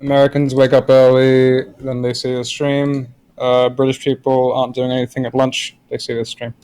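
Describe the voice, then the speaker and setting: A man's voice: medium pitch, monotone, normal speed, darkish tone, smooth, low-quality recording. A man chatting casually on a stream while he edits a video, easygoing and a bit distracted. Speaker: friend and co-host. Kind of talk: casual chat.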